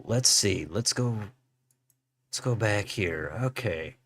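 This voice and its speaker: A man's voice: on the low side, expressive, slow, fairly bright tone. A man hosting a political livestream, musing aloud as he reads out election results. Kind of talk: live election results commentary.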